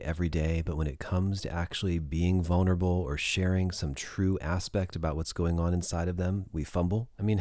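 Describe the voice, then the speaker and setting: A middle-aged man hosting a podcast, giving relationship advice in a measured, explanatory monologue that slows down for emphasis. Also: low-pitched, mellow, dry recording, studio quality. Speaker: podcast host.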